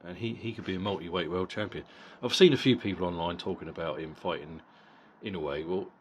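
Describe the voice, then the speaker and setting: A middle-aged man with a deep voice gives a casual boxing fight review. He talks bluntly and swears freely, often stumbling and repeating words. Faint background noise sits under his voice. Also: brisk, dull audio. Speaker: boxing vlogger.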